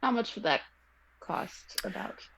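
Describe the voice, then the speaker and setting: A woman's voice: medium pitch, very animated, measured pace, creaky, a bit bright, slightly rough, no echo, poor audio. A woman playing a tabletop role-playing game, talking in a hesitant way. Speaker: player.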